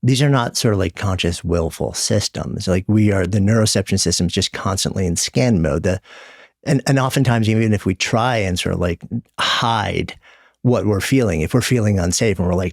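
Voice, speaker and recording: A man's voice: low voice, moderate pace, creaky, no echo, clean studio sound. A young man talking casually as a guest, thinking aloud with lots of "like". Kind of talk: casual conversation.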